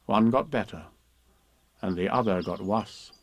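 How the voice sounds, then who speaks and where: A man reading children's poems and a storybook aloud in a gentle, expressive way. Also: lowish voice, a little slow, pauses often, no room sound. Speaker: reader.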